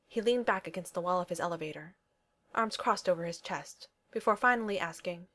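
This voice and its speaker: A woman narrating a fan fiction story as an audiobook, in a steady, even reading voice. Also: on the low side, fairly quick.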